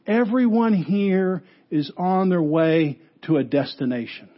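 A male pastor preaches an earnest funeral sermon at an unhurried pace, his voice rising loud for emphasis and sinking low and soft. The recording sounds muffled.

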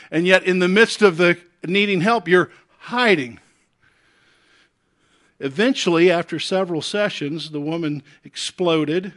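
A pastor with a Southern US accent preaches a sermon in a voice on the high side. He swings between loud, urgent calls and soft, hushed appeals.

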